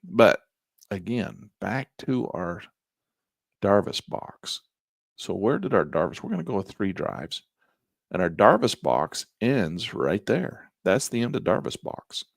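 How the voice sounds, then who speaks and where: A man teaching trading as he walks through a chart, in a folksy, animated way with slangy asides. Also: on the low side, a little slow, creaky, dry recording, studio quality. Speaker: trading instructor. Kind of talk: chart-walkthrough lesson.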